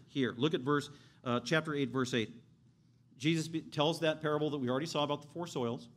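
A man delivering a sermon with a fairly high voice. He preaches emphatically, swinging between quiet stress and sudden loud cries. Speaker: pastor.

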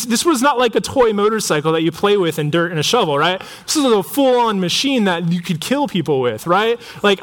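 A young adult man giving a casual, joking sermon, telling a personal story with lots of filler words. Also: high-pitched. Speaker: pastor. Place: church.

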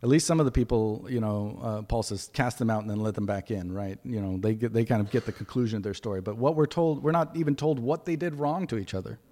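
A man's voice: on the low side, fast talker, few pauses, dark tone. Man preaching in a reverberant hall. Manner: conversational, folksy asides. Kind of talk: sermon.

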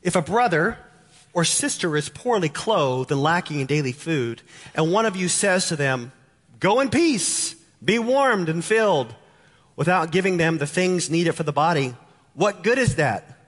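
A man's voice: a little high, lively intonation, normal speed, a bit bright. A man from Texas with a Texan accent, preaching a sermon and repeating key lines with emphasis. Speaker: pastor. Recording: long hall reverb.

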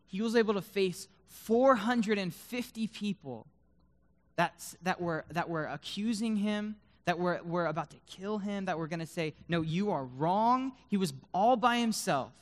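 Man, sermon, fairly high voice, swings from loud bursts to hushed tones, dramatic scripture reading. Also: moderate pace. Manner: reads scripture aloud with dramatic emphasis. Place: room with a live audience.

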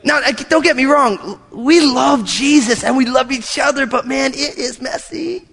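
A man with a high voice gives a sermon as pastor, telling stories and joking with the people in the room. His lively delivery rings out with a long reverb trailing behind it in a church hall. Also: unhurried, gravelly, husky. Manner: animated, joking storyteller.

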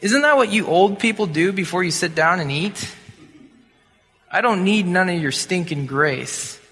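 A man's voice: high voice, animated, a little slow, fairly bright tone, husky, exaggerated voice. A man voicing a defiant young schoolboy who sneers at first and later begs, in a spoken sermon story. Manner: sneering and brash, later pleading. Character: defiant young schoolboy, cocky then tearful. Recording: long hall reverb.

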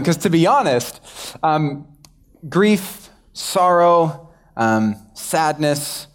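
A man's voice: on the high side, expressive, drawn-out words. A young man, a pastor, giving a casual, self-deprecating sermon and acting out quoted exchanges. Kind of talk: conversational sermon.

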